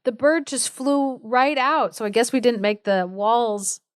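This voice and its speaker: Earnest, simple-minded village fools from an old folk tale, as a woman podcaster puts them on. Their voices are slightly raised, eager and smooth. The recording is close and dry. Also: a little high, unhurried, no room sound, pitched above the performer's own voice, natural voice.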